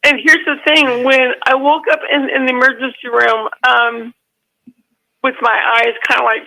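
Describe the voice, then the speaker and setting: A woman's voice: a little high, creaky, bright, forceful tone. A woman calling in to a live show, telling a heartfelt story through tears and rambling restarts over a phone line. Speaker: call-in guest. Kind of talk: emotional call-in chat. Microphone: telephone.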